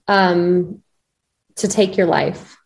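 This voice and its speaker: A woman interviewing a guest, asking gentle questions and giving brief affirming responses. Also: fairly low pitch, drawn-out words, gravelly. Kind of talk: supportive interview.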